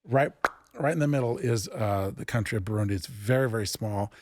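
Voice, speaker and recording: A man who founded an improv theatre, telling stories in a casual interview and acting out the dialogue with lively jumps in pitch. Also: a little fast, no room sound, clean studio sound. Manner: animated, acts out quoted dialogue with big pitch jumps.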